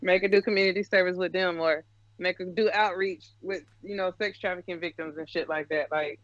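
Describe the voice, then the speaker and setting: A man's voice: high-pitched, steady tone, fairly quick, fairly bright tone, dry recording, highs cut off. A man co-hosting a casual chat, blunt and profane, often cutting in on the others.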